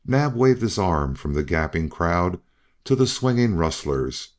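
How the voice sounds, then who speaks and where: A man's voice: low-pitched, very animated, unhurried. A man narrating a western novel as an audiobook reader. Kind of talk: scripted narration.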